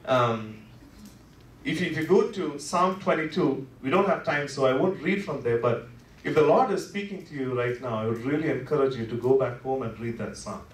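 A man preaching a Good Friday sermon in a church, talking conversationally with lots of "you know" fillers, dropping to soft, low asides and then rising with passion. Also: normal speed. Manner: swings between soft, low asides and impassioned rises. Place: church worship center. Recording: echoey sanctuary heard from a distance.

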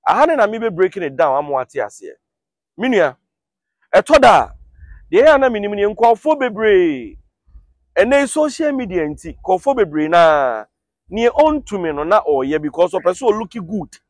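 A man with a Ghanaian accent who hosts a channel, talking casually and explaining things step by step in a relaxed, chatty way. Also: high-pitched, moderate pace, dry recording, studio quality. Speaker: YouTube host explaining song lyrics. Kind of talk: casual explanatory talk to camera.

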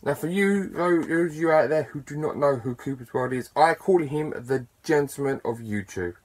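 A man talking casually to camera as a YouTuber, chatty and enthusiastic, with bursts of excitement and self-deprecating asides. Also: fairly high pitch, normal speed. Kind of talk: casual to-camera vlog talk.

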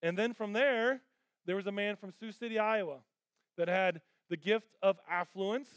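A male pastor delivering a sermon in a church auditorium. His voice is notably high for a man and recorded dry and close. He talks in a passionate, conversational way, full of ums and restarts. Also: normal speed, dry recording.

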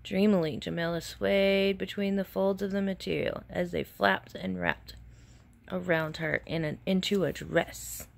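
A woman's voice: on the low side, a little slow, gravelly, a little hiss or hum. A woman teacher reading a picture book aloud to children and asking them questions between pages.

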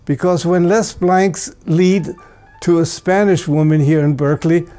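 Older man presenting a tribute, plain-spoken storyteller, mellow voice, faint music behind. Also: fairly high pitch, steady tone, measured pace. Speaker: award presenter. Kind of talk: anecdotal tribute speech.

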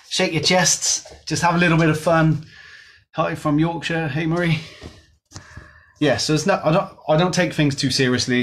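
Greeting his viewers by name, this Gloucester-born fitness instructor keeps his live-streamed dance fitness class chatty and upbeat. His voice is medium in pitch and a bit bright, carrying a Gloucestershire English accent.

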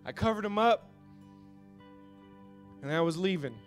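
A pastor giving an emotional personal testimony sermon, moving from hushed storytelling to shouted passion and stumbling over repeated words when moved, with soft music behind. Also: male voice, high-pitched, lively intonation, a little slow.

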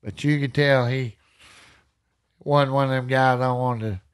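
A man with a Texan accent, a podcast guest telling animated stories with folksy country slang and frequent laughter. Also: medium pitch, a little slow, clear, resonant tone. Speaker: podcast guest, hunting storyteller. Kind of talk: casual storytelling.

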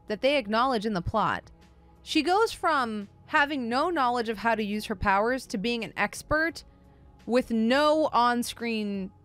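Blunt, sarcastic woman ranting. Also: a little high. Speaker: streamer and comic book show host. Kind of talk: casual opinionated review.

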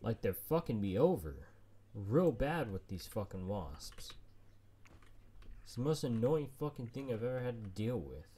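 A man's voice: mid-range voice, very animated, a little slow, mellow, slightly rough. A man streaming a survival game solo, frustrated and swearing nonstop as he plays. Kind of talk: let's play commentary.

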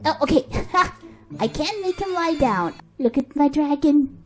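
A woman giving excitable let's-play commentary, gasping and cooing at her pet as she narrates her play. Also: high-pitched, a little slow. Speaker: game video creator.

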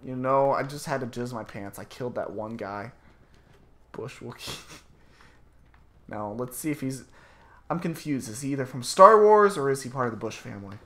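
A young woman casually chatting and joking while playing a shooter game, excitable and quick to laugh. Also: a bass voice. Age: young adult. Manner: excitable, lively, laughing, swearing. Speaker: gameplay commentator. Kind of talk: casual gaming chat.

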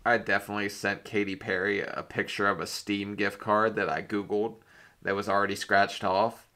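A man's voice: on the low side, little pitch movement, normal speed, pushed and bright. A man hosting a reaction video, riffing with crude, sarcastic jokes. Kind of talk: casual reaction commentary.

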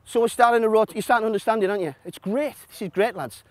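A man coaching a football session. He shouts instructions to players and explains the system to watching coaches in a blunt, joking way. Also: rapid-fire, no room sound. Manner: shouting instructions to players on a pitch, then explaining quietly to an audience. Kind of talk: coaching session with live demonstration. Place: outdoor football pitch.

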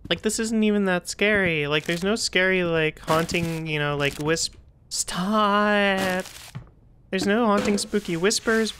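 A woman streamer talking through a horror game, chatty and jumpy, with nervous outbursts and a slightly rough throat. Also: lowish voice, a bit bright. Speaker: gaming streamer.

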